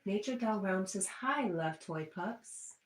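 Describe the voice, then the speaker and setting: A woman's voice: mid-range voice, animated, slow. A woman hosting a casual livestream, reading viewer chat messages aloud and chatting back. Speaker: livestream host. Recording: echoey room with faint background music.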